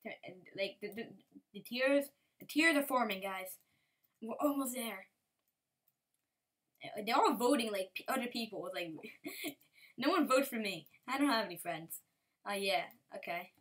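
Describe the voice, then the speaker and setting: A woman's voice: medium pitch, a bit bright. Giggly woman rambling over gameplay. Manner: giggly, rambling, playful with silly sing-song bits. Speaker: gameplay commentator. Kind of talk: casual game commentary.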